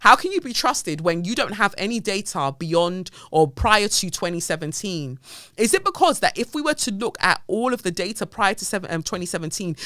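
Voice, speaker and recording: A woman with a London accent hosts a chatty commentary podcast. She talks in a lively, sarcastic way and jumps into mocking voices for her asides. The recording is dry and close, with no room sound. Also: lowish voice, no room sound. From England. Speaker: podcast host. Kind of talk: casual commentary.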